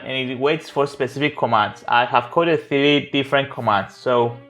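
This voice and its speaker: A tech YouTuber who isn't a native English speaker hosts a casual tutorial vlog, joking around and poking fun at himself. His mid-range voice is fairly bright and moves at a normal speed over soft background music.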